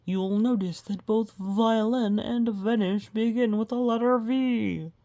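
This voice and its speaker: A woman's voice: fairly high pitch, fairly even intonation, takes it slowly, mellow. A woman reading the part of a pompous, bungling male stage magician from a children's storybook, in a grand announcing manner. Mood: grandiose.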